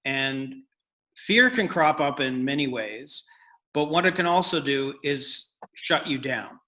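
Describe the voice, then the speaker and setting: A man's voice: medium pitch, lively intonation, slow, sharp tone. A man hosting a conversation, framing his questions with hesitant restarts. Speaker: host. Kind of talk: conversational interview.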